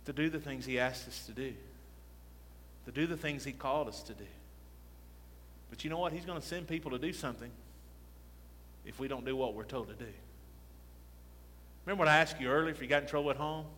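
A man's voice: medium pitch, a little fast, long pauses, fairly bright tone, a little hiss or hum. A male pastor preaching a sermon in a conversational style, often repeating "listen" and asking the congregation rhetorical questions. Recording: long reverb of a large hall.

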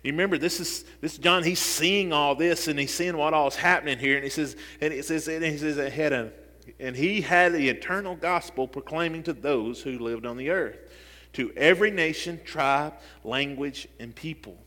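A man's voice: a little high, normal speed, pushed and bright. Preacher man in a reverberant hall. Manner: preaching with rising intensity, repeated "listen" and restarts. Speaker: pastor. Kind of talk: sermon. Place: church sanctuary.

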